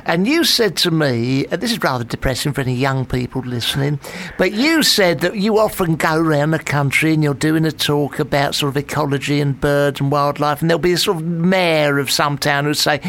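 A middle-aged man hosting a relaxed talk, asking his questions with a chatty, joking ease. His voice sits a little high for a man. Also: fairly quick. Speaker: host. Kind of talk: casual chat.

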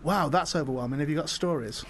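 A man hosting a radio studio chat, teasing his guest in a playful, deadpan way. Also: a little high, fast talker, slight background noise. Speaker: radio host.

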